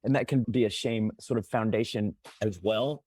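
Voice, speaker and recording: A man on a mental health podcast, speaking haltingly with repeated words and explaining through everyday analogies. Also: fairly low pitch, steady tone, darkish tone, dry recording, studio quality. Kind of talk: podcast conversation.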